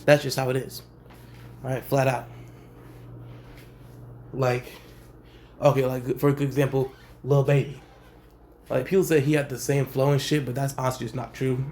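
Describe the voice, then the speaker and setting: A young man, a rapper, speaking in a laid-back, slangy way with a monotone delivery in a casual vlog. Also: mid-range voice, normal speed, pauses often, a little hiss or hum. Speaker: rapper and channel host. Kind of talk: casual talking-head vlog.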